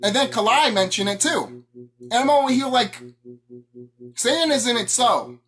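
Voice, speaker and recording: A woman's voice: on the high side, lively intonation, measured pace, a bit bright. A woman vlogger delivering an angry, profane, confrontational monologue to her viewers. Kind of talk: ranting monologue to camera.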